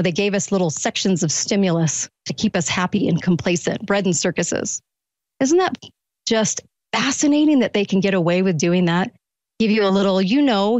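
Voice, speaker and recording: A woman's voice: medium pitch, a little mellow, no echo, dull audio. A woman guest-hosting a political talk radio show, firing off one incredulous rhetorical question after another.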